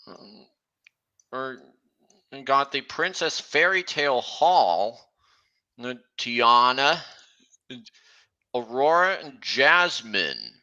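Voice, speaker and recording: A man chatting casually on a stream, talking slowly and haltingly with frequent restarts. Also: mid-range voice, big pitch swings, pushed and bright, dull audio. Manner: halting, many restarts, slow and meandering. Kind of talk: casual chat.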